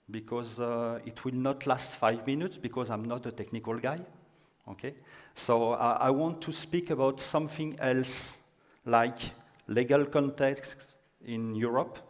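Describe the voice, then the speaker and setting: French-accented man in a reverberant hall. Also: mid-range voice. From France. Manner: hesitant, with many filler sounds. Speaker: conference speaker. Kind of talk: conference presentation. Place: conference room.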